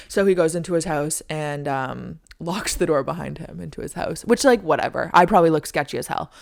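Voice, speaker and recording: A young woman in her twenties hosting a podcast, telling a story in a casual, animated way with lots of "like". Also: brisk, vocal fry, few pauses. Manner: animated, frequent "like", acts out her own lines in a high squeaky voice. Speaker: podcast host.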